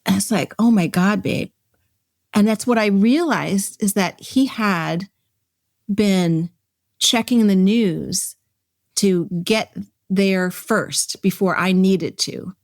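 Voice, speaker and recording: A woman's voice: mid-range voice, slow pace, dry recording, clean studio sound. A woman speaking as a guest on an interview podcast, reflective and emotional, often restarting her sentences as she searches for words. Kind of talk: candid conversational interview.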